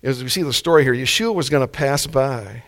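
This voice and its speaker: A mild-mannered preacher delivers a sermon in an easy, laid-back manner, though his pace is fairly quick. His pitch sits in an ordinary middle range for a man, neither deep nor high.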